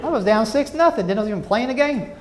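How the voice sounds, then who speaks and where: A middle-aged man doing stand-up storytelling on stage, animated and self-mocking, with chatty asides to the audience. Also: very high voice, quick pace, a little hiss or hum. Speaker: stand-up comedian. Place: stage before a live audience.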